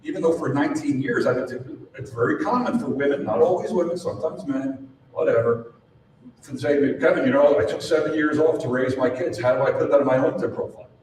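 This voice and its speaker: A man speaking to a live seminar audience, punchy and animated, his voice jumping up and down in pitch. He is picked up from some way off in a very echoey room. There is clear background noise behind him. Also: fairly quick, distant mic. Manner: animated, punchy, rhetorical questions. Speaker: sales trainer and speaker.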